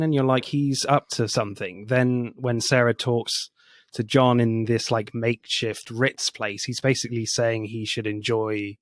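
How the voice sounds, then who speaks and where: A man's voice: medium pitch, dry recording, studio quality. A man co-hosting a film podcast, going through a movie's scenes in a casual, analytical way. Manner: analytical, retells scenes at length. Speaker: podcast co-host.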